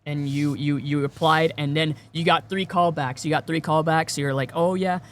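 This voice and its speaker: A man's voice: fairly high pitch, fairly even intonation, moderate pace, a little hiss or hum. A man streaming and chatting casually with viewers, rambling with many repeated words and fillers. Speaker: game streamer.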